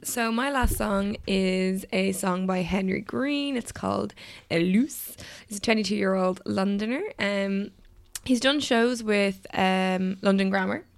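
A relaxed woman chatting about music on a podcast. Her voice carries a lot of vocal fry at a middle pitch, and she speaks easily and without hurry. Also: unhurried. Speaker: podcast co-host. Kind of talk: casual music chat.

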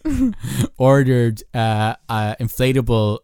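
A woman with a strikingly deep voice co-hosts a casual podcast. She tells stories in a rambling way, laughing often and swearing freely. Her voice comes through a close mic in a dead, dry room. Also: very animated, slow, dark tone, smooth, no echo. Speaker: podcast co-host. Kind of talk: casual chat.

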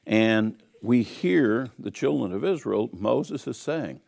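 A man's voice: mid-range voice, animated, slow pace, creaky, hardly any pauses, darkish tone. A man giving an earnest teaching sermon on scripture, emphatic and repeating key phrases. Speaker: Bible teacher.

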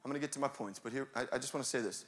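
A young man preaching a sermon in a lively, conversational way, now and then rising to a shout. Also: medium pitch, racing. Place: church sanctuary. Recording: long hall reverb.

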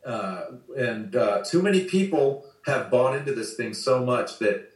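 A man's voice: mid-range voice, expressive, unhurried. A man ranting bluntly and profanely in a casual video-call conversation. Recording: roomy sound, distant from mic.

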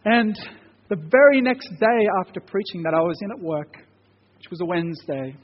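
A man's voice: high-pitched, expressive, moderate pace, lo-fi sound. Earnest man preaching in echoey hall. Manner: earnest, conversational storytelling. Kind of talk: sermon with personal story and prayer.

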